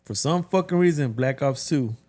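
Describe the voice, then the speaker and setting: A man in casual podcast banter who talks softly and rambles, swearing often. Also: on the high side, moderate pace. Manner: soft-spoken, profane, rambling. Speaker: podcast co-host.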